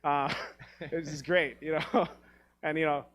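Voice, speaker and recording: Male stand-up comic, slightly high voice, animated storyteller who acts out the characters, live theatre set. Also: measured pace. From Taiwan. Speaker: stand-up comedian. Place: theatre stage.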